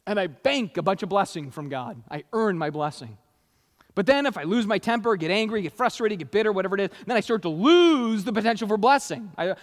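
A high-pitched male pastor preaching with bursts of energy and casual asides. His voice carries a long hall reverb around it. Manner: energetic, conversational, jokey asides. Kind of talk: sermon.

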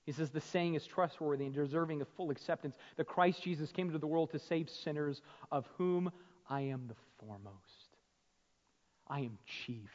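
A male pastor preaching a sermon, swinging from hushed, slow emphasis to loud, fervent passages. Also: fairly high pitch. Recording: muffled sound with long hall reverb.

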